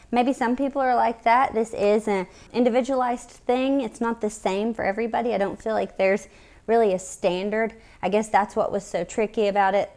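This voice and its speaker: A woman's voice: medium pitch, a little mellow. Breathless woman vlogging. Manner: conversational, candid, chatty with fillers. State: short of breath. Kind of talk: casual health vlog to camera.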